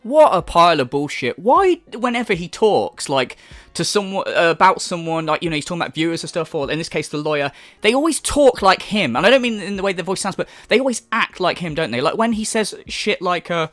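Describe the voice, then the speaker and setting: A man's voice: sits high, expressive, brisk, a bit bright, no room sound. A man hosting a commentary channel, delivering an exasperated, profane rant full of mockery. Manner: exasperated, sweary, mocking.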